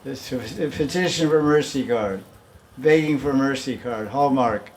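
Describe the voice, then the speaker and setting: At normal speed and medium pitch, with slight background noise, a man teaches a devotional class. His manner is relaxed and chatty, with frequent chuckles and dramatized pleas as he quotes them.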